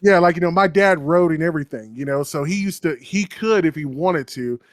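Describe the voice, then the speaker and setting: A man's voice: on the high side, a little fast, no room sound, clean studio sound. A man in his thirties co-hosting a podcast, telling a story casually, laughing often and acting out other people's lines. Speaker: podcast co-host.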